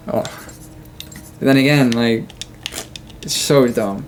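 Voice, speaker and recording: A man's voice: mid-range voice, slow, pauses often, a little hiss or hum. A young man ranting casually to his viewers, full of fillers, restarts and laughing asides. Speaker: gaming video creator. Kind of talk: casual rant to camera.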